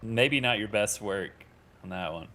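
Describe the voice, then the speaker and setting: A man with a somewhat low voice co-hosts live esports commentary. He talks in an easygoing, teasing way and chuckles often. His delivery is casual and conversational. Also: measured pace, bright, forceful tone.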